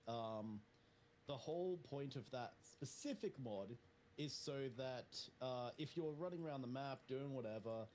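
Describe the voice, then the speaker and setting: A man's voice: medium pitch, a little mellow, a little hiss or hum, low-quality recording. A man guest in a casual chat, rambling and hesitant with many fillers.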